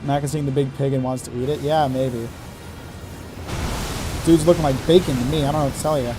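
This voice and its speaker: A man's voice: mid-range voice, fairly even intonation, fairly quick. A man streaming a hard game, commenting on his play in frustration, swearing and talking to himself. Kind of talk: live gameplay commentary. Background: game music.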